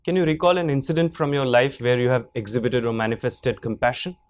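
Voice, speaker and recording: A man on an interview board asking measured, probing questions in a formal setting. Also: mid-range voice, steady tone.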